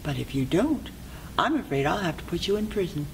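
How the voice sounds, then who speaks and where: Casting: a storyteller doing a soft-hearted, greedy fairy-tale king. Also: medium pitch, big pitch swings, a little fast, gravelly, a little hiss or hum, low-quality recording. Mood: commanding.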